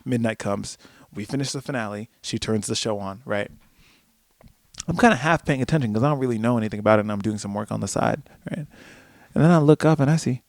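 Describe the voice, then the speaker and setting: A man's voice: mid-range voice, quick pace, dry recording. A man hosting a solo podcast, ranting animatedly with plenty of swearing and acted-out asides to himself. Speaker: podcast host.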